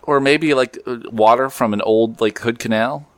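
A man's voice: medium pitch, normal speed, dry recording, clean studio sound. A man hosting a podcast, chatting casually, joking and reading out listener messages. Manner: loose, joking, laughs easily. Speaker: podcast host.

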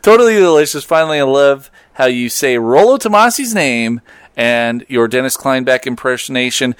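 A man's voice: mid-range voice, lively intonation, normal speed, fairly bright tone, smooth, no room sound. A man hosting a podcast, chatting casually, joking and reading out listener messages. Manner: loose, joking, laughs easily. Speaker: podcast host.

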